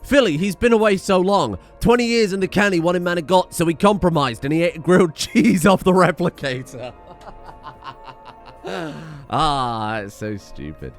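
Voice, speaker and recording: Male let's-play host, irreverent and profane, very expressive intonation over soft music. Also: high voice, moderate pace. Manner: animated, swearing, joking asides to the colonists. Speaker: gameplay commentator.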